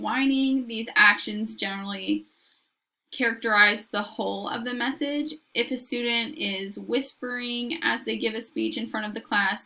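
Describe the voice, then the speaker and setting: Bright-voiced woman giving a lecture. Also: on the high side. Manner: measured, explanatory, occasional restarts. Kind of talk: recorded lecture.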